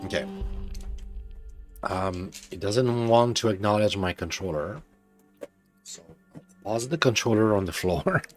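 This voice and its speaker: A man's voice: lowish voice, lively intonation, measured pace, pauses often, soft background music. A tired man streaming himself playing games, chatting to viewers, often muttering to himself, with bursts of swearing frustration. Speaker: game streamer. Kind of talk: casual live-stream commentary.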